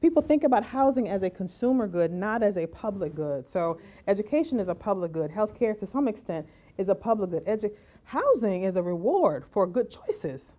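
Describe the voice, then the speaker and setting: A woman giving a lively conference talk as keynote speaker, often asking "right?" and acting out the voices she quotes. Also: mid-range voice, normal speed. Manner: animated, acts out quoted voices, rhetorical "right?".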